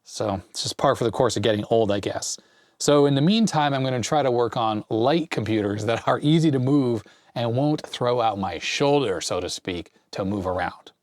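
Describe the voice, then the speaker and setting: A man's voice: medium pitch, moderate pace, dry recording, studio quality. A man in his forties chatting casually as host, rambling happily through a mail-call unboxing of vintage parts. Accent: Canadian. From Canada. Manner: chatty and enthusiastic, rambling tech asides. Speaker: channel host. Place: home basement workshop.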